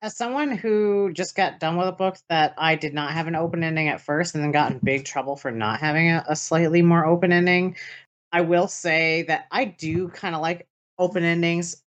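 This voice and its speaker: Blunt, swearing woman author. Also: lowish voice. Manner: blunt, swears casually, quick asides. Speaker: podcast co-host, author. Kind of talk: casual chat about books.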